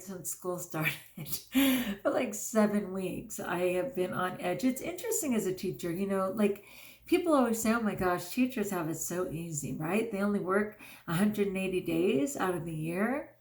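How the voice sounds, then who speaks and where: A woman in her forties, a longtime teacher, talking candidly and earnestly in a casual personal vlog, with frequent fillers. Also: mid-range voice. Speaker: teacher and vlogger.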